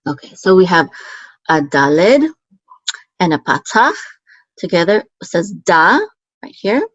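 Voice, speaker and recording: A woman with a fairly low voice gives a patient, step-by-step language lesson. She sounds out syllables slowly and repeats them, stopping now and then to correct herself. The recording is close and dry, with no room sound. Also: expressive, husky, no echo, dull audio. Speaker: Hebrew teacher.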